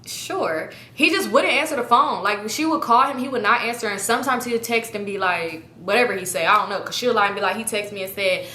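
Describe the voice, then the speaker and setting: A young woman telling a long story in casual, animated, slangy speech full of swearing, her voice jumping high for emphasis. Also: a little fast, few pauses. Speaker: storyteller vlogger. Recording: echoey room with faint rumble.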